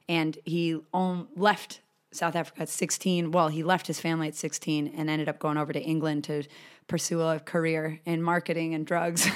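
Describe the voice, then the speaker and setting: Chatty swearing woman host. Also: low-pitched. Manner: chatty, swears freely, laughs often. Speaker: podcast host. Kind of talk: casual podcast intro and chat.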